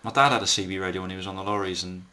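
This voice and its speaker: A man's voice: deep voice, fairly even intonation, racing, bright, forceful tone. A man co-hosting a casual film commentary, chatty, swearing freely and laughing at his own anecdotes.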